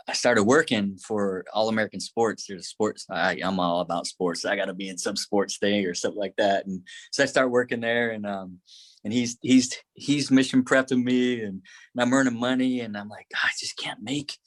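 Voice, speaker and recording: A man, a guest on a podcast, telling a personal story in a rambling, emotional way, with many restarts, acting out his own past words. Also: lowish voice. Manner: grows excited and tearful in the telling.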